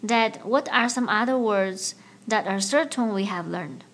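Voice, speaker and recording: A woman's voice: medium pitch, fairly bright tone. Woman hosting a language lesson podcast. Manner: clear, slow teaching delivery with playful banter. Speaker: podcast host and language teacher.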